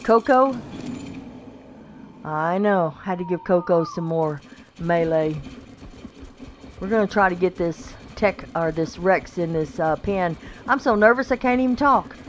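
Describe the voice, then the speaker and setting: A woman's voice: mid-range voice, a little slow, long pauses. A woman giving casual commentary while playing a video game, exclaiming and talking to her in-game animals. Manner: excitable, exclaims a lot, talks to her pets in the game. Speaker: gameplay video creator. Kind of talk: casual let's-play commentary. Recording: faint background noise.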